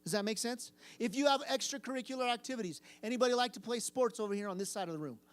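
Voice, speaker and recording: A man's voice: extremely high pitch, very fast, clean tone. A man giving a casual youth group sermon to a live audience in a room. He quizzes the listeners and repeats phrases for emphasis. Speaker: youth pastor.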